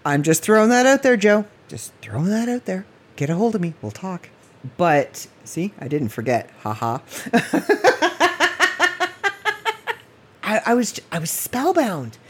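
Husky-voiced woman rambling on her podcast. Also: lowish voice, big pitch swings, moderate pace. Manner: rambling, emotional, laughs often. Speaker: podcast host. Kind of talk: casual late-night monologue.

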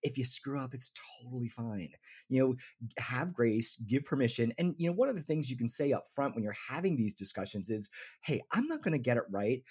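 A man's voice: medium pitch, fairly quick, slightly rough. A man talking casually as a podcast guest, telling workplace stories and acting out quotes. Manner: animated storyteller, acts out quotes. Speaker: inclusion consultant guest.

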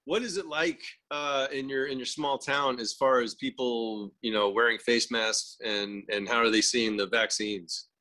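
A man's voice: mid-range voice, fairly even intonation, normal speed, hardly any pauses, pushed and bright. A man co-hosting a casual chat, joking and blunt, and he asks the guest questions. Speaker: co-host.

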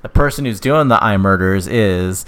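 A man's voice: sits low, moderate pace, a bit bright, clean tone. Rambling, jokey young man co-hosting. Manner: jokey, rambling, laughs often. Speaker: podcast co-host. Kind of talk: casual comedic chat.

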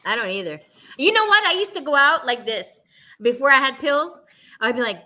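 A woman's voice: on the high side, lively intonation, a little fast, pushed and bright, low-quality recording. A woman speaking frankly and emphatically in a casual chat, swearing and repeating words for emphasis.

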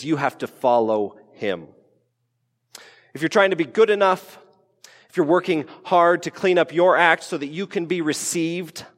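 A man's voice: on the high side, fairly bright tone. A man preaching a sermon as a pastor in a casual, conversational way, with playful asides and acted-out quotes. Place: church sanctuary. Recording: church hall with long reverb.

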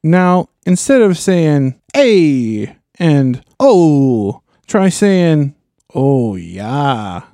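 A man's voice: fairly high pitch, big pitch swings, warm tone, dry recording, exaggerated voice. A man playing a folksy Midwestern man who teaches the locals how to cook and talk, drawn out and homespun. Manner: slow, drawn-out folksy delivery.

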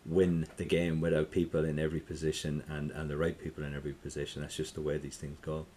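A middle-aged Irish man, a tech entrepreneur, chatting in an interview, rambling with many restarts and trailing off quietly. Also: extremely low pitch, completely flat delivery, quick pace, a little hiss or hum. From Ireland. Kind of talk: casual interview chat.

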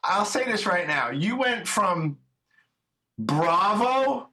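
A middle-aged podcast host with a bright, forceful voice pitched a little high. He rambles along in chummy, profane chat. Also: sing-song, takes it slowly. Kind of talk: casual interview chat.

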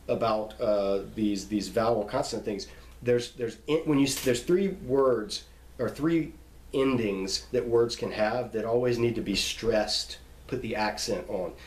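A man's voice: medium pitch, darkish tone. A man teaching how to pronounce Hebrew names, patiently sounding out examples and often restarting. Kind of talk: explaining Hebrew name pronunciation. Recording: echoey room.

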